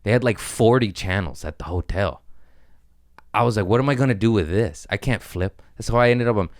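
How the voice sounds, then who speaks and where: Deep-voiced man on a crude, rambling rant. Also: a little fast, no room sound, studio quality. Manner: rambling, crude, riffing with sudden loud bursts. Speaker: comedian podcast host. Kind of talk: casual comedic rant.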